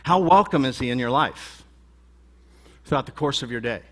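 A man's voice: mid-range voice, animated, moderate pace. A man pastor preaching a sermon in a conversational, emphatic and folksy way.

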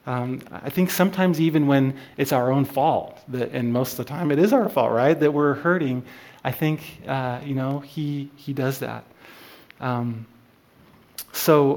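Man in a mid-range voice leading a casual Bible study, halting, full of fillers and restarts. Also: medium pitch, a little mellow. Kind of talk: informal Bible teaching.

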